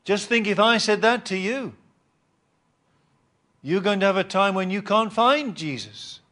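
A man preaching a Bible teaching sermon, reading scripture and explaining it with emphatic rises and pauses. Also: high voice, expressive, fairly bright tone. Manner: reads scripture aloud and repeats words.

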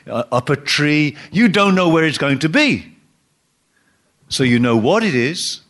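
A man preaching a sermon, swinging between emphatic rising exhortation and quiet, low asides.

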